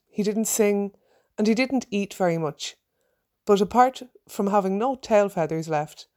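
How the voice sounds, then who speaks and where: A woman reading a personal story aloud, acting out her own shouted lines with energy. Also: on the low side. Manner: lively, acts out her own shouted quotes.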